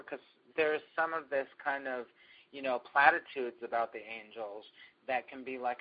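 A man's voice: medium pitch, steady tone, moderate pace. Rambling man leading a spiritual group. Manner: rambling, with many fillers and restarts. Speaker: meditation group leader. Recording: dull lo-fi recording.

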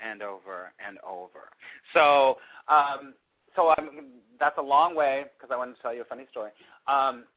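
A man telling a long personal story to a small group in a casual, animated way, often laughing as he goes. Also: medium pitch, normal speed, husky, highs cut off.

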